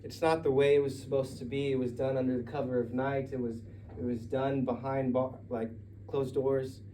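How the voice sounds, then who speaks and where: A man's voice: mid-range voice, level tone, normal speed, warm tone, recorded from a distance, a little hiss or hum, low-quality recording. A Mexican American man telling a story at a live story night in a conversational, digressive way, with laughing asides. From United States.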